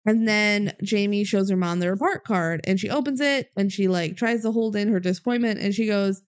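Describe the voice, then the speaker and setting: A woman's voice: medium pitch, fairly quick, hardly any pauses, clear, resonant tone. A young adult woman co-hosting a podcast, chattily recapping a movie with lots of "like" and "um". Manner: chatty, fillers like "like" and "um", acts out quotes. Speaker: podcast co-host. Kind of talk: casual movie recap chat.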